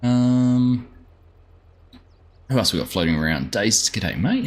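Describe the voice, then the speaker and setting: Greeting viewers by name, a man with an Australian accent keeps up relaxed chat during a live gaming stream. He speaks slowly in an animated voice on the low side.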